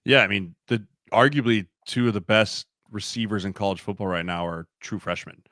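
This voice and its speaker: A former football player as a podcast guest, talking in a laid-back casual way with lots of "like". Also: male voice, lowish voice, fairly quick, a bit bright, dry recording, studio quality. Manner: laid-back, says "like" often. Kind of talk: casual sports chat.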